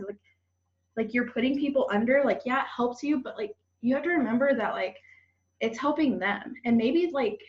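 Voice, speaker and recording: An excitable woman talks fast and eagerly on a group call, with a "like" in every phrase. Her high voice comes through dull, lo-fi call audio. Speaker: team member giving tips.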